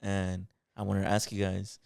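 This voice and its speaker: A young man co-hosting a podcast, telling a story in a casual, animated way and swearing a lot. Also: low-pitched, moderate pace, vocal fry, clear, resonant tone, no echo. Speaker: podcast co-host.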